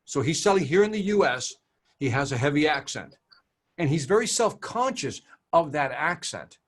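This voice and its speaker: A man with a slightly raised pitch answers a webinar question over a video call. He tells stories with energy and slips into the voices of the people he quotes. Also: normal speed. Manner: animated storyteller, acts out quotes. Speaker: sales trainer.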